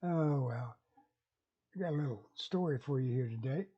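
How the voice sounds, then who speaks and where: A man's voice: medium pitch, normal speed, breathy edge, highs cut off. A man vlogging casually, rambling folksily and chuckling at his own jokes. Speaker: YouTube vlogger.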